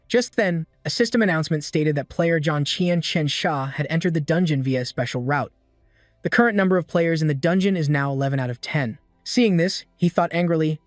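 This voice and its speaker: Guy narrating a comic recap, even and steady, bit high pitched, dry close mic. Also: fairly quick, dry recording. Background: faint background music.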